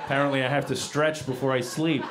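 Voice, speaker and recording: A man's voice: medium pitch, fast talker. New comic in his 40s, dry self-mocking delivery, live club noise behind him. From Queens, New York. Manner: wry, self-deprecating, deadpan delivery. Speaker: stand-up comedian. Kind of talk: stand-up comedy set. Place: comedy club stage. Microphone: handheld stage mic. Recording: live club recording with audible crowd noise. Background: audience laughter and club noise.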